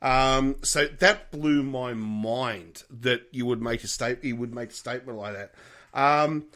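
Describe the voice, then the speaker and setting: A middle-aged man co-hosting a podcast in casual chat, frank and animated, swearing freely and laughing often. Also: mid-range voice, unhurried. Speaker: podcast co-host.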